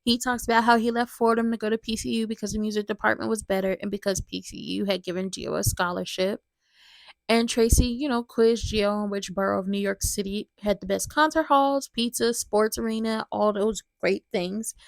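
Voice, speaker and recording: A woman hosting a casual soap opera recap, chatty and animated, talking straight to her viewers. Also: mid-range voice, fairly quick, gravelly, no room sound.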